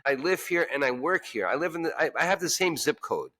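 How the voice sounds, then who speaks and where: A man, a restaurant chef-owner, telling lively stories in an interview and acting out what people said. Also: on the high side, brisk. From Queens, New York. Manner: animated storyteller who acts out quoted voices. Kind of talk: casual storytelling interview.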